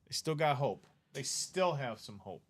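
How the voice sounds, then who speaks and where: A man's voice: medium pitch, expressive, unhurried, slightly rough. Laid-back male co-host. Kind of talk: casual chat.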